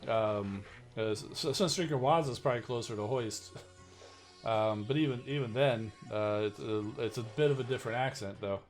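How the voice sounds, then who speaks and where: A man's voice: medium pitch, normal speed, soft background music. Easygoing man chatting on a game stream. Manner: easygoing, self-deprecating and chatty. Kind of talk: casual live-stream chat.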